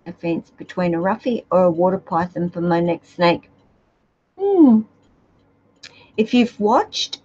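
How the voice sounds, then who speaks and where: A woman's voice: medium pitch, lo-fi sound. An Australian woman keeping reptiles, chatting casually with viewers in a rambling, hesitant way. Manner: rambling, hesitant, many fillers. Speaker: reptile keeper vlogger. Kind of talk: casual chat answering viewer questions.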